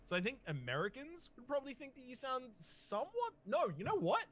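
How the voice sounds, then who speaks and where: A man hosting a casual gaming chat, telling stories in an animated, rambling way. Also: very high-pitched, brisk. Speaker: host.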